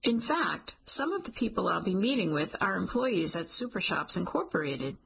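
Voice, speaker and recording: A woman's voice: mid-range voice, big pitch swings, normal speed, creaky, husky, full character voice. A woman voicing a teasing, earnest young man. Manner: gently teasing, sincere.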